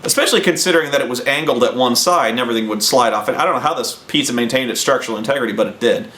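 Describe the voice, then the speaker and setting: A man's voice: mid-range voice, very fast, echoey room. A man casually telling a long, rambling anecdote and acting out the people in it. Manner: rambling, animated, acting out quotes. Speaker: host.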